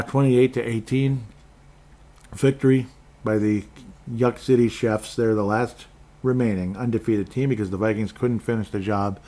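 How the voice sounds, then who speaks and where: Rambling man with a low voice. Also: a little mellow. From Minnesota. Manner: rambling, sarcastic, frequent restarts. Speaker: sports podcast host. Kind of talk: casual sports chat.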